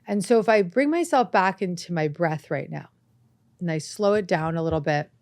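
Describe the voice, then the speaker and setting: Woman giving earnest self-help talk, lower voice, dry sound, slows down to breathe. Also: lively intonation, a little mellow, dry recording. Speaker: podcast host. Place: studio set with lights.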